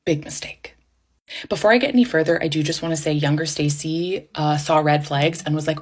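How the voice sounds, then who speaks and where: Low, husky-voiced woman storyteller, wry and self-mocking. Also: a little fast. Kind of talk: casual storytime.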